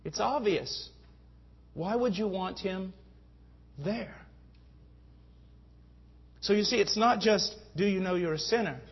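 A man's voice: high voice, slow pace, gravelly, long pauses, husky. A man preaching a sermon with fervent delivery that rises to emphatic peaks. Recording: dull lo-fi sound.

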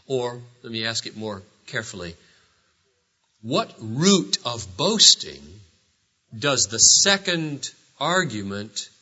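A man preaching a sermon in a church, asking rhetorical questions with animated delivery. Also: mid-range voice, slow pace. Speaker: pastor. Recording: dull lo-fi sermon recording.

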